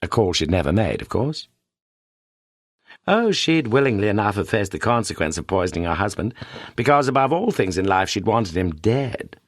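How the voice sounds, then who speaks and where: British man, audiobook narration, steady delivery, dry close sound. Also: fairly low pitch, normal speed, dry recording. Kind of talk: scripted narration.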